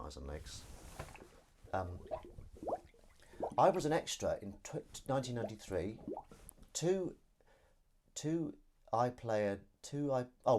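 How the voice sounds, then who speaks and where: Washing up while live streaming, a middle-aged man who is a host and actor chats casually, reading comments aloud and laughing along. His voice is medium-pitched with a darkish tone.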